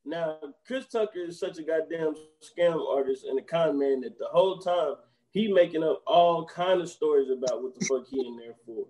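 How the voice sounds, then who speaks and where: Mellow, high-voiced male co-host who acts out movie dialogue with gusto. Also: normal speed, low-quality recording. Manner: emphatic storyteller, profane, acts out dialogue. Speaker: podcast co-host. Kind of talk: casual movie recap chat.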